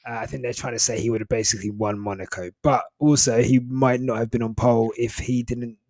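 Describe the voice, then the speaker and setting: A man's voice: mid-range voice, steady tone, fairly quick, a little mellow, dry recording, clean studio sound. A man hosting a podcast in a casual chat, rambling with lots of fillers and getting emotional. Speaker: podcast host.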